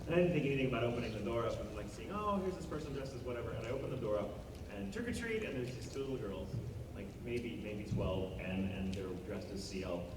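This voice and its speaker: A man at a convention panel, telling stories in an animated, joking, theatrical way. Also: fairly low pitch, quick pace, background noise. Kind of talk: panel storytelling. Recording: echoey hall from far off, loud crowd.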